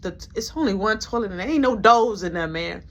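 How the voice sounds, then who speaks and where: A young man telling a personal story in a casual storytime, animated and acting out each voice he quotes. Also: high-pitched, a little fast. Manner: animated, acts out every quoted voice.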